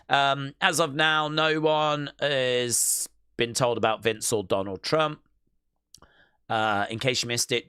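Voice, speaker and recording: A man's voice: medium pitch, bright, forceful tone, clear, resonant tone, no echo, clean studio sound. A man hosting a live wrestling watch-along stream, chatting casually and reading news items aloud to viewers. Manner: chatty, musing aloud with filler words.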